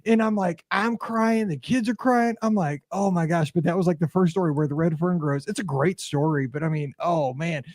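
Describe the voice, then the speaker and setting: A man tells a long story on a podcast, rambling and animated, full of fillers. His voice sits a bit higher than most men's. The recording is dry and close, with no room echo. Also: fairly quick, few pauses. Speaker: podcast host. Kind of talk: casual podcast chat.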